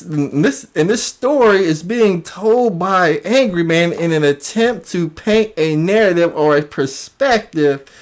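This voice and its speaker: A woman's voice: mid-range voice, a little mellow. A woman hosting a commentary channel, reacting to online drama in an exclamatory way, repeating phrases and laughing often.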